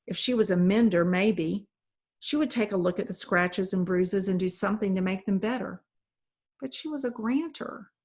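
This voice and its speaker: A woman reads a children's novel aloud, narrating in steady, even storytelling. Her voice sits at a middling pitch. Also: moderate pace. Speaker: reader.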